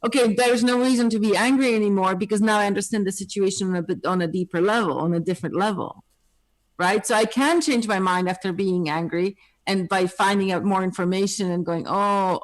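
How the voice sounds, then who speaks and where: A woman in a casual discussion who asks questions and pushes back quickly. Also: medium pitch, low-quality recording.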